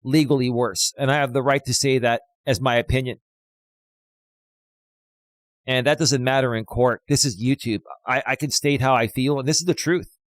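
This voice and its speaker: A man's voice: medium pitch, steady tone, normal speed, no echo. A man hosting a livestream, ranting in a combative, taunting way and repeating himself for emphasis. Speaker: livestream host. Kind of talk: confrontational livestream rant.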